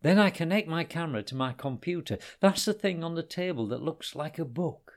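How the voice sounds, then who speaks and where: A terrified photographer who has lost his sight, as a man voices him in a storybook. He wails and pleads in a raised, strained voice that leaps high. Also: expressive, brisk. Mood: pleading. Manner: high panicked wailing pleas. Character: frightened blinded male photographer, panicky and pleading.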